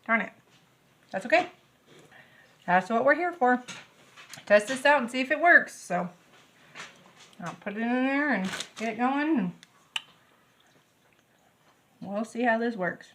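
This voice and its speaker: A middle-aged woman, gushing with excitement as she demonstrates a recipe in her home kitchen. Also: on the high side, unhurried, long pauses, a little hiss or hum. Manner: bubbly, gushing, easily excited. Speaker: home cooking vlogger. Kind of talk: casual cooking demonstration.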